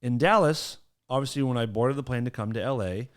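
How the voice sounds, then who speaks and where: A man's voice: mid-range voice, fairly quick. A man co-hosting a podcast in casual chat, teasing his co-hosts, swearing freely and telling stories with lots of energy. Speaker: podcast co-host.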